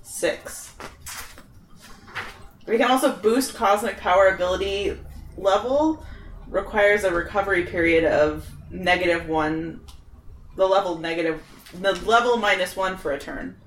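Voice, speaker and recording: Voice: medium pitch, a little slow, pauses often, fairly bright tone, a little hiss or hum. A tabletop game player asking eager questions about the rules. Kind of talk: casual tabletop game chat. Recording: roomy, distant echo.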